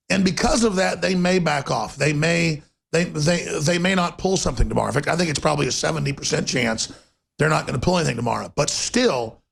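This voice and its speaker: A male talk radio host rants in an emphatic, sarcastic monologue and speeds up in rapid bursts. His voice sits fairly high for a man and carries a rough, gravelly rasp with a husky edge.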